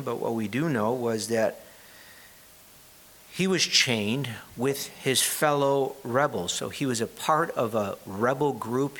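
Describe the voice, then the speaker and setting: A man with a mid-range, slightly bright voice preaches a sermon. He reads scripture aloud, explains it conversationally, and now and then puts questions to his listeners as he teaches from the Bible.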